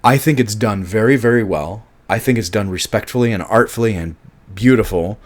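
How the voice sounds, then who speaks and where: A man's voice: fairly low pitch, fairly quick. A man giving a casual film review monologue, emphatic and passionate, swearing often and restarting his sentences.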